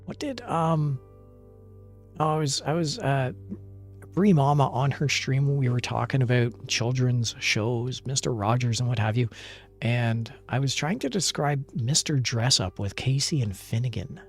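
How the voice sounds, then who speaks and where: A man's voice: mid-range voice, measured pace, faint music behind. A man chatting casually on a live stream, reading viewer messages aloud, laughing often and poking fun at his own mistakes. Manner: self-deprecating, rambling.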